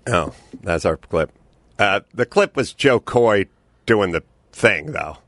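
A man's voice: lowish voice, animated, slow pace, fairly bright tone, no room sound, clean studio sound. A comedian in his fifties hosting a podcast, telling a story in an indignant, sarcastic ranting way with some swearing. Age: 50s. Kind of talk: casual storytelling chat.

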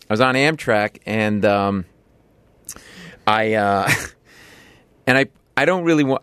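A man appearing as a podcast guest, telling a story in a blunt, profane, animated way and acting out the lines of the people in it. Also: clear, resonant tone, no echo. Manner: blunt, profane, jumps into loud high acted quotes. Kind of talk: animated storytelling in casual chat.

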